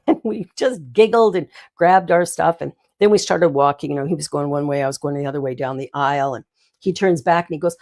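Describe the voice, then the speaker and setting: Older female minister-host, low-pitched, storytelling with laughs and asides. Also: fairly quick. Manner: warm storytelling with giggles and asides. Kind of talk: inspirational talk.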